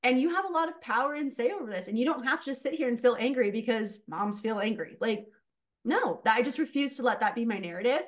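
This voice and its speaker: Animated woman coach, higher voice. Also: quick pace. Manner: animated, laughs often, acts out quoted voices. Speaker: mindset coach guest. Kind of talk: casual podcast conversation.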